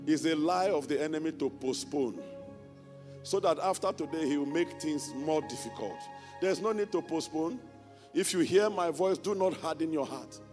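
Fervent preacher in a reverberant church. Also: male voice, on the high side, lively intonation, normal speed, a little mellow. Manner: fervent, repetitive preaching with sing-song phrases; breaks into speaking in tongues. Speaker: pastor. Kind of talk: sermon with altar call. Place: church sanctuary. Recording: long church reverb with music behind.

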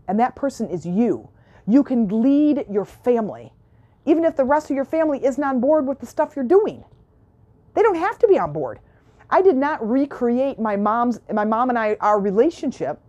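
Woman, motivational coach, higher voice, mellow tone, emphatic and repetitive. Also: sing-song, normal speed, dull audio. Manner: emphatic, repeats phrases, acts out callers' questions. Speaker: self-help coach. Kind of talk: motivational talk.

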